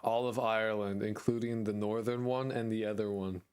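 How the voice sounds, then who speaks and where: A man's voice: fairly low pitch, steady tone, normal speed, darkish tone, clear, resonant tone. An American man chatting on a live stream, rambling and jokey, with crude language. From United States. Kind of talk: casual live-stream chat.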